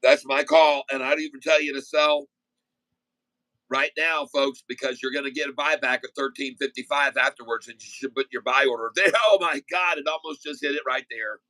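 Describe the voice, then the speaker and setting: A day-trading livestream host talks through his stream in a rambling, easygoing, folksy way, mixing stock calls and commentary with chatty asides packed with fillers. His mid-range voice is forceful and bright, with a flat delivery and a slightly fast pace. The recording is dry and close, with no room echo.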